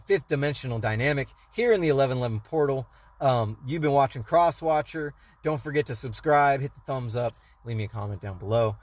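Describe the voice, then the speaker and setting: A man giving a casual tarot reading to the camera, speaking loosely with many restarts and calling the viewers y'all. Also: mid-range voice. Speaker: tarot reader.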